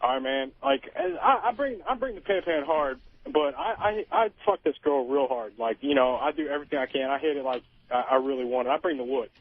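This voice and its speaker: A man's voice: mid-range voice, expressive, a little fast, creaky. A man calling in to a radio show, rambling casually through his question. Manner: rambling, casual, lots of fillers. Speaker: caller. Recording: tinny phone line.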